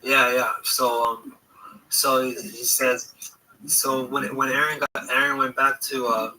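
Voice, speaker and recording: A man hosts a livestream chat, winding through a story with frequent restarts and fillers. His voice is very bright. He sits some way from a distant mic with faint noise behind. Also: mid-range voice, little pitch movement, measured pace. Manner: rambling, hesitant, many restarts. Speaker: livestream host.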